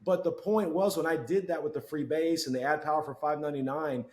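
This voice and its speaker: Man, somewhat high-pitched, animated, storytelling, casual chat. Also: quick pace. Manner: animated, acts out customers and coworkers in quoted voices. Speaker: podcast guest, marketing executive.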